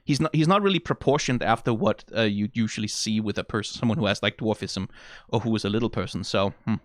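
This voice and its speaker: A man's voice: lowish voice, quick pace, no room sound, clean studio sound. A young Danish man with a Danish accent, casually musing and rambling through a reaction video. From Denmark. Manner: musing, rambling, many restarts and laughs.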